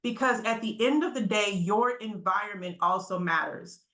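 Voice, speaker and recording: A woman giving an energetic, interactive conference talk to students over a video call, often checking in with "right?". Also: mid-range voice, moderate pace, roomy sound, poor audio. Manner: energetic, quizzes the audience, frequent "right?" tags. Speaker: motivational speaker.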